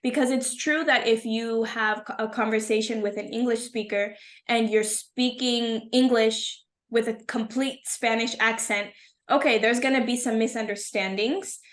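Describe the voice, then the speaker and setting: A woman co-hosting a casual talk about language learning, speaking in a warm, affirming, emphatic way. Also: fairly high pitch, steady tone, normal speed. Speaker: co-host, Spanish and English teacher. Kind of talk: casual conversation.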